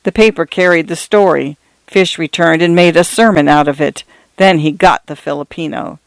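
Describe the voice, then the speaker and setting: A man voicing a gentle, chatty older priest in a read-aloud story. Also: fairly high pitch, moderate pace, gravelly, no room sound. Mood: gossipy. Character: genial older priest, easygoing and gossipy.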